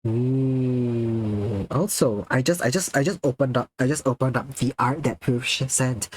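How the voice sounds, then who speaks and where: Man, streamer, casual live chat, excitable, swears a lot, laughs often. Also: mid-range voice, fairly quick, slight background noise, poor audio.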